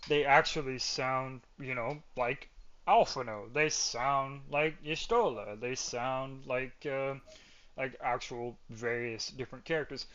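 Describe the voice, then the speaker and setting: A man's voice: mid-range voice, steady tone, a little slow, a bit bright, highs cut off. A man hosting a podcast in casual chat, rambling and often ending his points with "right?". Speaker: podcast host.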